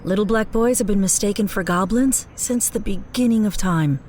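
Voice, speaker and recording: A woman's voice: medium pitch, normal speed, darkish tone, slight background noise, close to an everyday voice. An actress playing a kind, frank woman shopkeeper in an audio drama. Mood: serious.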